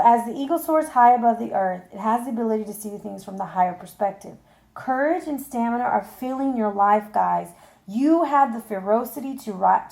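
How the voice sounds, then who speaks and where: A woman's voice: a little high, creaky, darkish tone. A woman giving a casual tarot reading, talking straight to her viewers in an emphatic, colloquial way. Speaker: tarot reader. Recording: echoey room.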